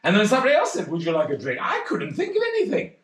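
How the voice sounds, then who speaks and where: A man's voice: high-pitched, huge pitch swings, rapid-fire, fairly bright tone, full character voice. An actor playing a bashful, rambling cocktail pianist in a one-man stage monologue, hesitant and self-deprecating. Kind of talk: theatrical monologue. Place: theatre stage. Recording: roomy theatre.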